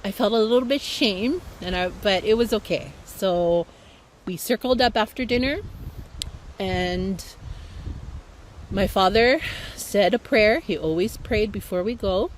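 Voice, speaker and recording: A woman from Hawaii with a mid-range voice reflects warmly on a personal story during an online talk, taking her time and using fillers. The audio is poor, with slight background noise.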